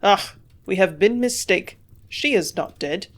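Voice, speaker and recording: Woman doing a gruff older German doctor. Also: medium pitch, animated, measured pace, lightly acted. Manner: gruff, grunting, growling. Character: older German male chemist, gruff and terse.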